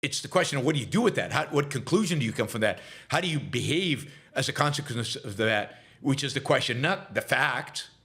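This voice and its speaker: A man's voice: mid-range voice, animated, a little fast, hardly any pauses, fairly bright tone. A man hosting a political commentary show, talking in a monologue full of stammered restarts and pointed rhetorical questions. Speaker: show host.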